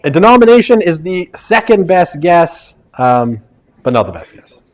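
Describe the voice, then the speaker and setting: Reading quiz questions to his university sociology class, a man jokes around and teases the students in a lecture classroom. He speaks in a high-pitched, sing-song voice at a moderate pace.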